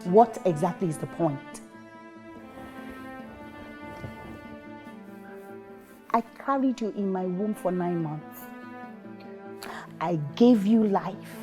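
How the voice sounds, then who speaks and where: A woman's voice: fairly low pitch, animated, a little slow, over music. An actress with a Nigerian accent playing a stern, domineering, religious middle-aged mother who scolds her son. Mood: indignant. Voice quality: scolding, forceful. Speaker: strict mother. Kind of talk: film drama acting.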